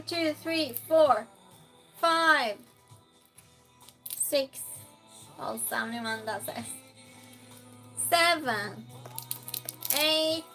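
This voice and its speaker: Slow bright-voiced woman streamer. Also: sits high. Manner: reads chat aloud, slow and chatty, swings between loud outbursts and soft near-whispers. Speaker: streamer hosting a quiz game. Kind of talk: casual live-stream chat.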